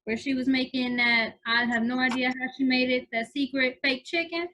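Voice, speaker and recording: Young woman host, brisk and teasing, high bright voice, faint background noise. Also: steady tone. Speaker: podcast host. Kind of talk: casual podcast chat.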